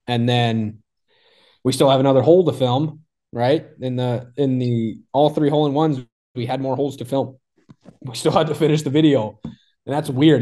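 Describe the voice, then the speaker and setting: Excitable man telling a golf story. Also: medium pitch. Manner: excitable, rambling, full of "like" and restarts. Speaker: golfer recounting his hole in one. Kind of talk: casual storytelling interview.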